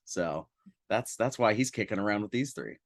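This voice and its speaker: A man's voice: fairly low pitch, animated, normal speed, no room sound, studio quality. A man playing in an online tabletop game, describing his character in a playful, theatrical way. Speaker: player.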